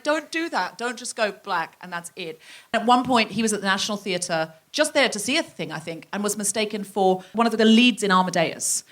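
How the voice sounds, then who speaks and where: A woman's voice: mid-range voice, a bit bright. Woman podcast host, eager, gushing questions, medium voice. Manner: eager, exclamatory interviewer. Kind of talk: live podcast chat.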